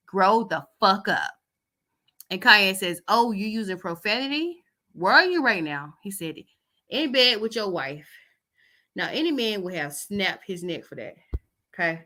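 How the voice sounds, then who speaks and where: A woman's voice: mid-range voice, pushed and bright. A woman chatting casually as host, reading out text messages with loose asides.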